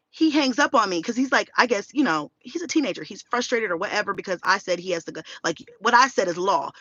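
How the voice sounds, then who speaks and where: A woman in her thirties telling a story in a casual vlog rant, blunt and animated, swearing freely. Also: medium pitch, dry recording, highs cut off. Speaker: vlogger.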